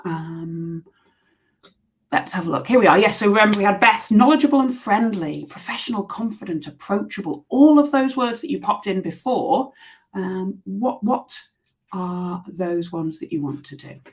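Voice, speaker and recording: A woman's voice: mid-range voice, expressive, moderate pace. A woman leading a live online workshop, chatty and encouraging, with frequent fillers and restarts.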